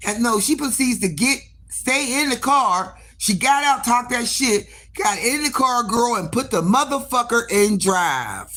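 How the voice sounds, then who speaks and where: A woman who owns a hair salon, telling a long story in casual, profane speech with many asides to her listeners. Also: a little slow. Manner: animated and profane, with frequent swearing and direct asides to listeners; acts out dialogue, jumping up sharply in pitch for quoted lines. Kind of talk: casual storytelling on a live stream.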